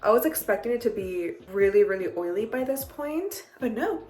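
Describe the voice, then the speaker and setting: A woman's voice: on the high side, animated, moderate pace, darkish tone, slightly rough, soft background music. A woman in her thirties doing a chatty, bubbly makeup review vlog, talking straight to her viewers. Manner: chatty, bubbly, talks to viewers as "you guys". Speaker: beauty vlogger.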